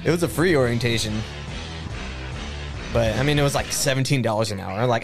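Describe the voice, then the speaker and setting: A man's voice: mid-range voice, brisk, pauses often, over music. A young man co-hosting a casual podcast, loose and joking, laughing often and swearing. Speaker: podcast co-host.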